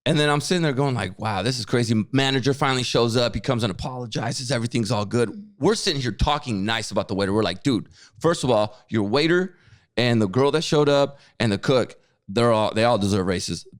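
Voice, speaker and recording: A man's voice: medium pitch, a little fast. A man co-hosting a podcast, telling a story in casual chat and acting out what others said, often repeating his words. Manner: animated storyteller, acts out quotes, repeats words. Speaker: podcast co-host.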